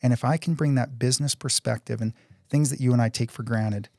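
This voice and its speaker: Fast-talking middle-aged man, earnest. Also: medium pitch, fairly even intonation, gravelly, mellow, no room sound, studio quality. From Canada. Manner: fast, earnest, with frequent restarts. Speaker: city council candidate and oil company CEO. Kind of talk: casual interview conversation.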